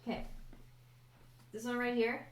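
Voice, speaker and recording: A woman's voice: a little high, level tone, unhurried. A woman running a tabletop game as dungeon master, narrating in an easygoing way and laughing often. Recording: echoey room with background noise.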